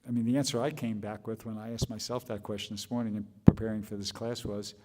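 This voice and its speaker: A man's voice: lowish voice, steady tone, quick pace, warm tone, in a large hall. A man giving a scripture class, thinking aloud with restarts and rhetorical questions.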